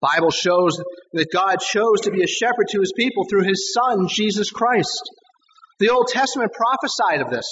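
A man preaching a sermon, earnest and emphatic, slowing down to stress scripture quotes. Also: high-pitched, expressive, a bit bright, in a large hall, lo-fi sound, slight background noise. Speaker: pastor. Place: church sanctuary.

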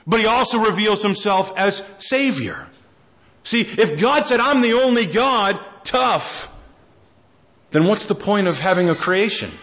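A man with a high voice preaching a sermon, his delivery climbing into loud declarations and then dropping low and quiet. The recording sounds dull and lo-fi. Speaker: pastor.

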